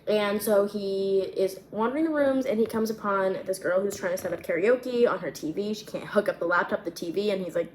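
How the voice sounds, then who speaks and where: A woman's voice: medium pitch, fairly quick, few pauses, a little hiss or hum. A woman vlogger chatting casually and rambling about her young adult novel, filling her sentences with "like". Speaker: vlogger and writer. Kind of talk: casual chat, reading her own fiction. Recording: echoey room, faint ambience.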